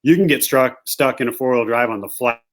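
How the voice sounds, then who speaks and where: A man guest, a hunting guide, telling a rambling, animated anecdote in casual conversation. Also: medium pitch, fairly quick. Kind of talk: casual storytelling.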